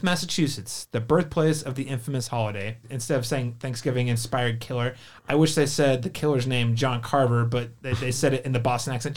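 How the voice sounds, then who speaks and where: A man hosting a movie review podcast, chatting casually with lots of fillers and restarts. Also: medium pitch. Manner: chatty, enthusiastic, filler-heavy. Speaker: podcast host.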